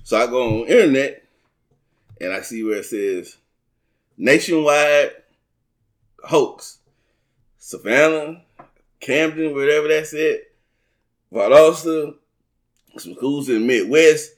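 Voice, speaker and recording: A man's voice: medium pitch, lively intonation, moderate pace, pauses often, darkish tone. A man co-hosting a casual talk show, telling stories in a laid-back, slangy way. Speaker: podcast co-host. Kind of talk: casual chat.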